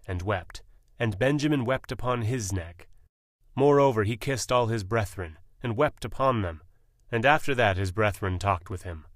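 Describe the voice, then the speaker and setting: Man with a lowish, dry solemn reading voice. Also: fairly bright tone, no room sound. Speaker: audiobook narrator. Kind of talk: scripted scripture reading.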